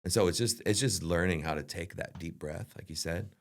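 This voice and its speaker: Brief: middle-aged man, deep gravelly voice, earnest advice-giver in a relaxed leadership chat. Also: brisk. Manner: earnest, advice-giving, acts out family dialogue. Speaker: podcast co-host.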